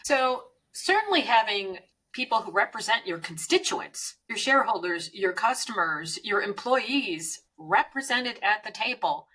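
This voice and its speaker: A woman's voice: mid-range voice, very animated, measured pace, sharp tone, husky, low-quality recording. A woman co-hosting a business podcast, telling workplace stories in a chatty way with frequent fillers. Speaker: podcast co-host.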